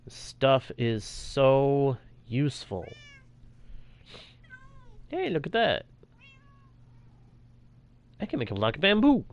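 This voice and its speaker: Young dude streaming a block game, slow easy chatter, bouncy pitch, reacts out loud. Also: male voice, wildly swooping pitch. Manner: chatty, reacts aloud while playing. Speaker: gaming streamer. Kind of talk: casual gameplay commentary.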